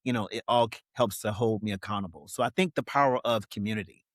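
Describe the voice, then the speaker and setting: A man's voice: lowish voice, quick pace, no echo, clean studio sound. A man speaking as an interview guest, talking candidly and reflectively with many "you know what I mean" fillers.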